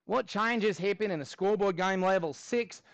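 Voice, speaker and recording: A man teaching a middle school math class, talking in a playful, animated way with many fillers. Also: high voice, moderate pace, vocal fry, dry recording, poor audio. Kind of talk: classroom lesson.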